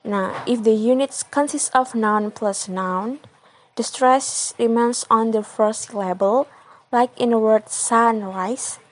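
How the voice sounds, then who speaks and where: A young woman giving a student presentation, reading examples carefully in halting phrases. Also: fairly high pitch, low-quality recording. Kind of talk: classroom presentation.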